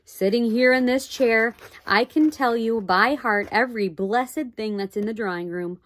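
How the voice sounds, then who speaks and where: A woman's voice: a little high, a little slow, close to an everyday voice. A woman voicing a wary, plain-spoken tiny borrower father with rustic, ungrammatical talk in a storybook reading.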